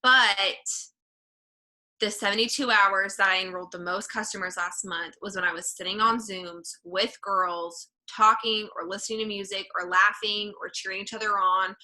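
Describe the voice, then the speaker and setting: A woman's voice: medium pitch, fairly even intonation, normal speed, sharp tone, poor audio. A woman giving an earnest, encouraging motivational talk to her team, full of "like" fillers. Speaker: team leader.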